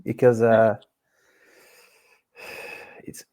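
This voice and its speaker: French-accented man with a mellow voice. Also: on the low side, monotone, very slow. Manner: hesitant, many fillers and restarts. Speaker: guest. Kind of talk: casual interview answers.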